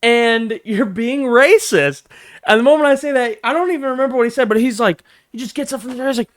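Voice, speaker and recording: A man's voice: very high voice, rapid-fire, dry recording. A young man vlogging an angry workplace story, profane and emphatic, acting out what people said. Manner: profane, emphatic, acts out quotes with sudden loud bursts. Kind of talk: animated storytelling vlog.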